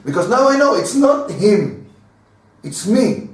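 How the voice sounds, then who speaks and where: A man's voice: high voice, a little slow. Rabbi guy giving a casual torah class, repeats himself a lot, far off mic in a big echoey room. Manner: animated, repeats words, acts out little dialogues with laughs. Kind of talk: informal Torah lesson.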